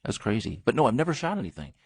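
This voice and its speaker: A man in his thirties hosting a casual podcast chat, an animated storyteller who laughs often and acts out the people in his stories. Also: medium pitch, very fast. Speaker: podcast host. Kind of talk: casual conversation.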